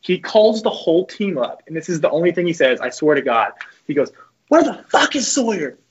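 A young former pitcher tells casual, profane stories as a podcast guest. His voice is husky and sits a bit high for a man. The sound is dull and lo-fi. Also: expressive, a little fast. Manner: loose, profane storytelling.

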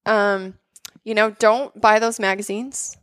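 A woman's voice: medium pitch, slow pace, dry recording. A woman in casual conversation, telling stories animatedly with lots of fillers. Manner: animated storytelling with many fillers.

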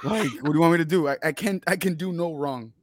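A man's voice: fairly high pitch, quick pace, no echo, clean studio sound. A man co-hosting a casual sports podcast, ranting with heavy swearing and trailing off into mutters. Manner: profane, ranting, drops to mutters. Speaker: podcast co-host.

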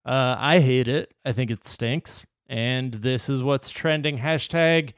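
A man's voice: mid-range voice, steady tone, measured pace, no room sound, studio quality. A man co-hosting a podcast, chatting casually and joking with his co-host. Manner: jokey, playful banter.

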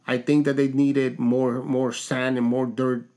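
A man co-hosting a podcast in casual chat, telling stories in a halting way with many restarts. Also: medium pitch, little pitch movement, dark tone. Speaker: podcast co-host.

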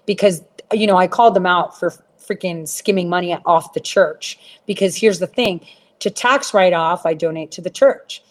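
A woman's voice: fairly low pitch, moderate pace. Blunt, profane woman ranting casually. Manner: blunt, profane, rambling with many fillers. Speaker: livestream host answering viewers. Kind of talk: casual rant to viewers.

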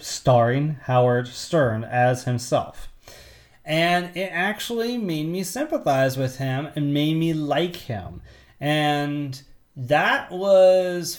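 A man co-hosting a podcast, chatting casually about films with enthusiastic, rambling restarts. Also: a little high. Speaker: podcast co-host. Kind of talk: casual movie chat.

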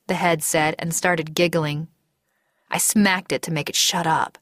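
A woman narrating a first-person story in a measured, deliberate way. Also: deep voice, fairly even intonation, a bit bright, no echo, studio quality. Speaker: audiobook narrator.

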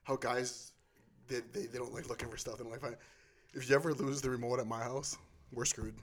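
A man's voice: medium pitch, little pitch movement, a little fast. Joking middle-aged man on a podcast. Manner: joking, laughs often. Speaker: podcast co-host. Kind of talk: casual chat.

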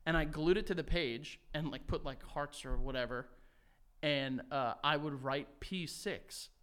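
A young man co-hosting a casual podcast. His voice sits a bit high, and he rambles through old memories, laughing and swearing freely. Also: unhurried, fairly bright tone, clean tone. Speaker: podcast co-host. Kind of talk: casual chat.

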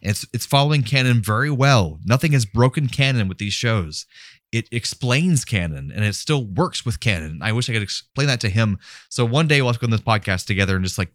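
A man's voice: on the low side, fairly quick, no room sound, clean studio sound. A man co-hosting a nerd culture podcast, chatting casually and laughing easily. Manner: animated, laughs a lot. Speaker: podcast co-host. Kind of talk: casual chat.

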